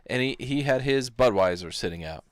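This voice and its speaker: A man co-hosting a casual podcast, easygoing and quick to agree and laugh along. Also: medium pitch, lively intonation, no echo, clean studio sound. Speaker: podcast co-host.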